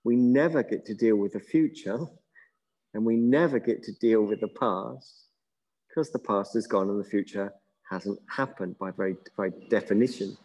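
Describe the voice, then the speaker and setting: A middle-aged man with a relaxed, musing manner, leading a yoga class and drawing out words slowly. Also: on the low side, dull audio. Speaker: yoga teacher. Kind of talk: guided yoga class instruction.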